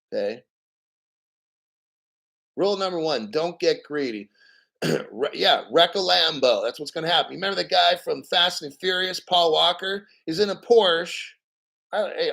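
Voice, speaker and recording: A hoarse man hosting a livestream, talking in a blunt, profane, rambling way and clearing his throat often. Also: on the high side, a bit bright, poor audio. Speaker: livestream host. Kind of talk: casual livestream talk.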